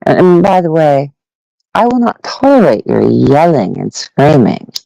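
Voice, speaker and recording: A man's voice: fairly high pitch, wildly swooping pitch, a little slow, creaky, dark tone, no room sound, poor audio. A man hosting a live audio panel, ranting in a rambling, profane, sarcastic way at listeners. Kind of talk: ranting casual monologue.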